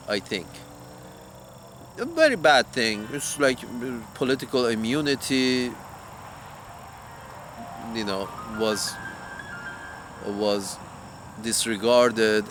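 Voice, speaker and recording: A man's voice: medium pitch, fairly bright tone, a little hiss or hum. A man ranting in a heated, profane monologue, repeating himself and restarting as he goes. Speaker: commentator.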